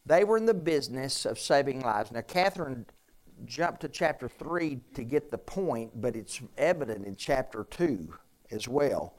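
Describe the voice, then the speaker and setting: A man's voice: medium pitch, animated, a little slow, a little mellow. A man preaching to his congregation in an earnest, folksy way, often restarting his sentences and asking the room questions. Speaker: pastor. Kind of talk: conversational sermon with questions to congregation.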